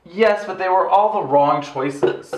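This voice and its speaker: Easygoing man co-host, echoey room. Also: sits high. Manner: easygoing, agreeable, quick affirmations. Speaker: podcast co-host reviewing a TV show. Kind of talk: casual chat.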